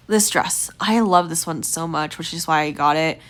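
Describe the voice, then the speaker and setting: A young woman gaming video creator rates outfits in a deep, slightly bright voice at normal speed with hardly any pauses. She chats casually, rambling with lots of fillers, while her voice grows tired and a little strained.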